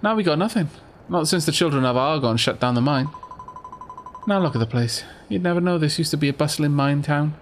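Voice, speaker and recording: A man's voice: on the high side, expressive, brisk, a little hiss or hum, lightly acted. A man voicing a cheerful, hopeful townswoman with a lilting, storytelling lilt.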